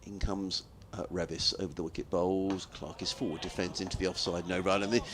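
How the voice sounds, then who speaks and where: A man calls cricket from the commentary box in a slightly low voice. He drifts into long, chatty stories between balls and laughs often. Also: level tone, fairly quick, noisy background. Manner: chatty, rambling anecdotes, laughs easily. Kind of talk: live radio-style ball-by-ball commentary.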